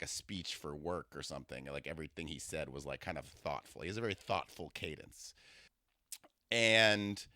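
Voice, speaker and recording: Animated man telling a rambling story. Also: lowish voice, dry recording, clean studio sound. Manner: rambling, animated, full of fillers and restarts. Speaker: comedian podcast host. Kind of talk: comedic storytelling monologue.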